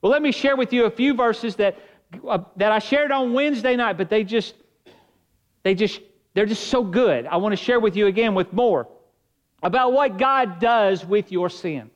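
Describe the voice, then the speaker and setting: A man's voice: sits high, normal speed, muffled recording. A man preaching a sermon as pastor, earnest and conversational, shifting his emphasis as he speaks.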